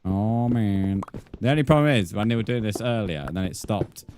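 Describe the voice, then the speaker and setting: A man's voice: on the low side, normal speed, darkish tone, a little hiss or hum. A man livestreaming a game, chatting casually with viewers, bantering and swearing at the chat in mock threats.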